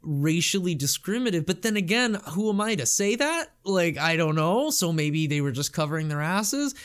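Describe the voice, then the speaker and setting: A man's voice: high voice, lively intonation, moderate pace, a bit bright, clean tone. Chatty man rambling on a podcast. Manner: rambling, swears casually. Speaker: podcast host. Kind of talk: casual chat.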